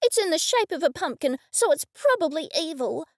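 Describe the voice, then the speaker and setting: A woman voicing a fussy, complaining older female neighbour in a storybook reading, with a shrill, nosy, whiny manner. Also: very animated, fairly quick, no echo, clean studio sound, full character voice.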